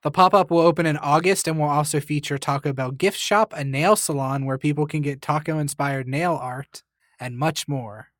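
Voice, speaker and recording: A man co-hosting a podcast, reading out odd news stories in a teasing, deadpan way during casual chat. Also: fairly high pitch, normal speed, dry recording, studio quality. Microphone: studio mic.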